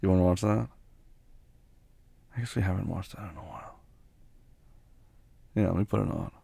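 A young man in a whispered role-play as a caring boyfriend, speaking softly and tenderly, with quiet laughs and murmured hums. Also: low-pitched, normal speed, vocal fry, husky, dry recording.

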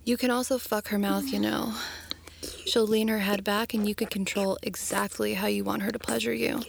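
A woman's voice: mid-range voice, level tone, normal speed, vocal fry, noisy background. A woman in a whispered role-play, talking in a teasing, coaxing way and often dropping to a whisper.

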